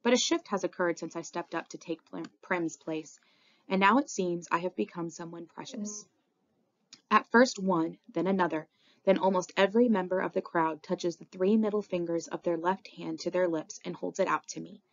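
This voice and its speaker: A woman narrates a novel in the first person with a low voice and a gravelly edge. Her reading is expressive and dramatic, and the recording sounds dull and lo-fi. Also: moderate pace. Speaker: audiobook reader. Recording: dull lo-fi audio.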